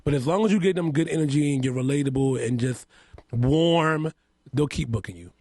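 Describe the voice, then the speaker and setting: A man with a somewhat high voice sits in a radio studio as a guest and tells stories with animated, expressive delivery. The sound is dry and close to the mic. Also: a little fast, no echo. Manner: animated storyteller, acts out quotes loudly. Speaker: makeup artist and house mother, guest. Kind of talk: radio interview.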